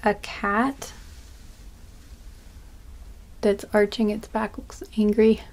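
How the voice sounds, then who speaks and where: Slow, soft-spoken woman card reader. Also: medium pitch, level tone. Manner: slow, soft-spoken, listing charms with small asides. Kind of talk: slow pick-a-card reading.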